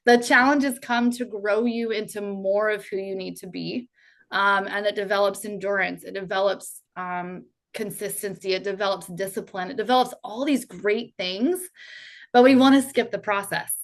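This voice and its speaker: A woman's voice: medium pitch, fairly even intonation, moderate pace. A woman in her thirties, a podcast guest talking in an earnest, heartfelt way, full of casual fillers. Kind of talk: faith podcast conversation.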